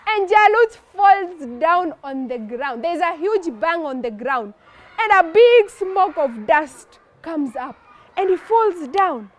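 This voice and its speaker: A woman telling a story to children in an animated, expressive, playful way. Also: extremely high pitch, slow pace.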